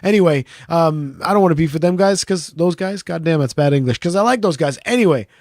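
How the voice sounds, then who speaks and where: A middle-aged man co-hosting a podcast, telling stories in animated casual banter and swearing freely. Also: on the high side, brisk, no room sound, studio quality. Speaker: podcast co-host.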